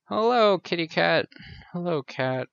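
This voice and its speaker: A man squeaking as an excited little beetle. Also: a little slow, gravelly, clear, resonant tone, dry recording, heavily acted. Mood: delighted. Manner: high squeaky put-on voice. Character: excited little beetle sprite, chirpy and friendly. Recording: dull dry lo-fi recording.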